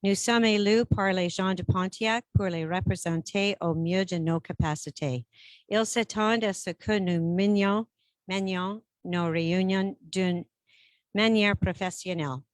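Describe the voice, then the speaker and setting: A woman chairing a regional council meeting in a brisk, procedural way, switching between English and French. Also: medium pitch, no room sound. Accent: Canadian French-English bilingual.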